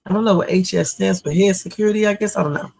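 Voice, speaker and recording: A man hosting a livestream, reading text messages aloud and reacting to them with slow, musing asides. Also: high voice, gravelly, a little mellow. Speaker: livestream host.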